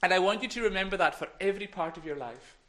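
A man with a high, light voice leads a children's talk in church. He is playful and encouraging, and at times sinks into a hush. He speaks into a microphone. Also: quick pace. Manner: playful, encouraging, drops to whispers. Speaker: minister giving a children's talk.

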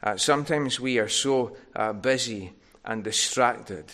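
A man's voice: medium pitch, unhurried, a bit bright. A man preaching a sermon, earnest and tender, building to emphatic peaks.

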